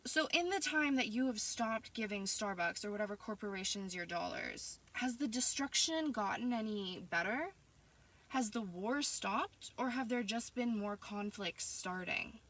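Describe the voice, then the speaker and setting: A young woman from Canada talks into her camera, answering hostile messages with mocking sass and spiritual preaching that can turn into a heated rant. Her voice is bright and sharp. She sits a little back from the mic. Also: a little high, expressive, measured pace, recorded from a distance. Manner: sassy, mocking and spiritual, rising into heated ranting. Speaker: vlogger. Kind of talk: casual monologue reading and answering messages.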